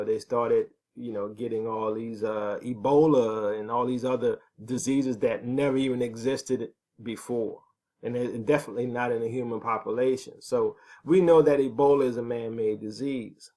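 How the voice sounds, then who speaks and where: A man's voice: medium pitch, darkish tone. Emphatic man preaching with rhetorical questions. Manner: emphatic, asks rhetorical questions, punctuates with "right?" and "okay". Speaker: ministry teacher. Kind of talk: preaching commentary on prophecy.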